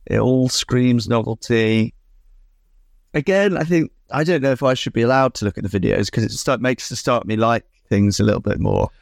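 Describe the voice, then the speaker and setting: A man's voice: medium pitch, normal speed, vocal fry, no echo. Brief: male podcast co-host, hedging, thoughtful, dry studio sound. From London. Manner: musing, hedging with ums and "sort of". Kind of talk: casual chat.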